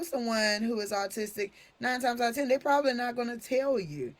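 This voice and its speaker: A woman's voice: fairly high pitch, brisk, hardly any pauses. A woman hosting a live stream talk, chatty and familiar, calling her viewers honey. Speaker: host.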